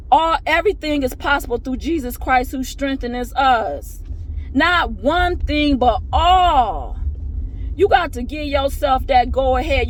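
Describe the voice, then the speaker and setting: A high-voiced woman, talking straight to her viewers in a lively, preacherly way. She urges them on with strong, animated emphasis, like a pep talk about faith. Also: a little hiss or hum. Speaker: faith vlogger. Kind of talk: casual inspirational talk to viewers.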